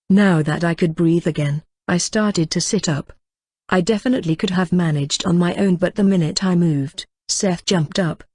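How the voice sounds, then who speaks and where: A woman narrating a first-person novel in a steady, even reading voice. Her voice sits on the low side and sounds close to the mic and dry, with no room echo. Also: moderate pace, husky. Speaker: audiobook reader.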